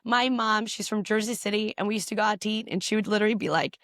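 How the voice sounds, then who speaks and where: A woman physician answering interview questions and explaining health tips briskly, repeating points for emphasis. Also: medium pitch, steady tone, a bit bright, dry recording, clean studio sound. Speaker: physician guest.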